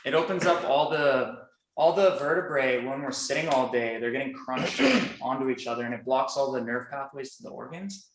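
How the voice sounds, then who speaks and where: A man co-teaching a class, explaining the exercises in a relaxed way. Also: medium pitch, normal speed, few pauses, echoey room, rough recording. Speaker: co-instructor. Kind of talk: casual class chat.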